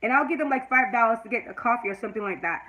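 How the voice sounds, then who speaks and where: A woman's voice: fairly high pitch, very fast, pushed and bright, poor audio. A woman in her forties talking to her live chat in a personal vlog, earnest and at times tearful, then emphatic and preachy. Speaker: YouTube vlogger.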